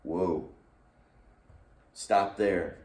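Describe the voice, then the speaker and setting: Man, youth pastor, earnest emphatic teaching, slow pace, roomy echo. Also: sits low, darkish tone. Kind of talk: recorded youth lesson. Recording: roomy echo, distant mic.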